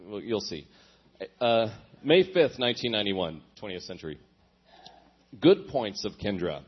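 A young man reads his old diary aloud for laughs, breaking off for self-mocking asides. His voice sits at a middle pitch and he chuckles often. The recording is dull and lo-fi. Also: slightly rough. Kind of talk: comic reading with asides.

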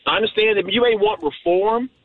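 A man calling in to a talk show, chatting about politics in a folksy, emphatic way with quick asides. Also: high voice, a little hiss or hum. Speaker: caller. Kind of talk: political call-in chat. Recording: tinny phone line.

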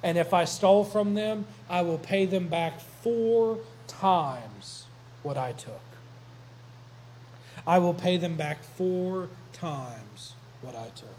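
Preacher guy doing a sorry tax collector promising to pay folks back, earnest, slow. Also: high voice, darkish tone, a little hiss or hum. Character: repentant tax collector, a grown man promising amends.

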